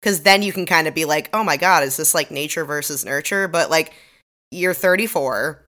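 A woman podcast co-host with a low-pitched voice and a bright, crisp edge. She talks casually through an episode recap, adding dry, sarcastic remarks. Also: normal speed. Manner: sarcastic, wry commentary.

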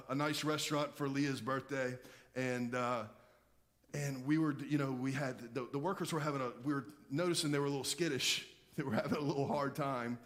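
A male pastor giving a sermon with emphatic preaching and rhetorical questions to the congregation. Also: mid-range voice.

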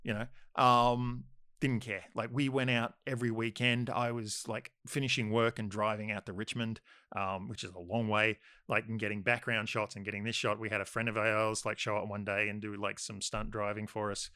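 A man's voice: fairly low pitch, flat delivery, moderate pace, sharp tone, clear, resonant tone, no room sound, studio quality. A man with an Australian accent telling a long, rambling story, full of fillers. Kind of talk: casual chat anecdote.

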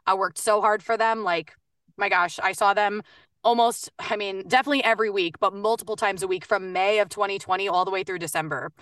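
Bright, upbeat woman, chatty coach type, fast bursts, dry but slightly distant mic. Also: medium pitch, fairly even intonation, smooth, dry recording. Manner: chatty, upbeat, quick bursts with many fillers. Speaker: voice actor and coach. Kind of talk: casual podcast interview.

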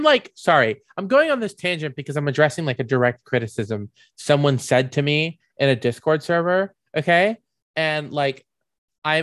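A man's voice: a little high, no echo, clean studio sound. A man giving ranting commentary, heated and profane, rambling with many fillers and restarts.

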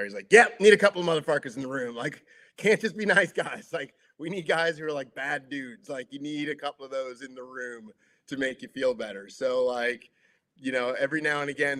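A middle-aged man, a sports broadcaster, telling locker-room stories in a casual chat, acting out the quotes and using lots of filler words. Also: medium pitch. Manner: lively storyteller acting out quotes, many "like" fillers. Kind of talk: casual anecdotal storytelling.

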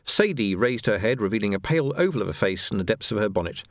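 A man reading a novel aloud as an audiobook narrator, with an expressive, shifting storytelling delivery. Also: lowish voice, quick pace, no room sound, clean studio sound. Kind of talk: scripted narration.

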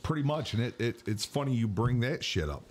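A man's voice: medium pitch, sing-song, brisk, a little hiss or hum. A man co-hosting a podcast in casual chat, ranting with heavy swearing. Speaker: podcast co-host.

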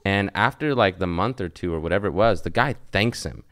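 Man, very low voice, smooth and clear, dry close sound, candid rambling chat, swears freely. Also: animated, brisk, a bit bright, dry recording. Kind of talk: casual conversation.

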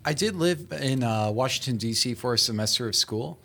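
A man from Wisconsin telling a story in a relaxed, easygoing way. His voice sits in an ordinary middle range. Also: mid-range voice, brisk. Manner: easygoing anecdotal. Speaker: podcast guest. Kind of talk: casual storytelling.

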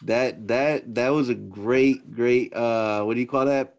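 A man's voice: medium pitch, a little slow. Laid-back cursing podcast guy. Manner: laid-back, swearing freely. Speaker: podcast co-host. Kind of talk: casual chat.

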